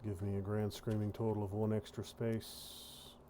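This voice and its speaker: A man's voice: on the low side, level tone, moderate pace, warm tone, slight background noise. A man hosting a gaming video, giving casual commentary and wryly muttering to himself as he plays.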